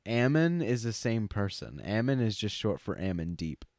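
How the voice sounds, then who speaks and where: A young man co-hosts a podcast, rambling casually with lots of fillers and laughs. His voice is lowish, a little mellow and sing-song at a normal speed, captured as clean studio sound with no room sound.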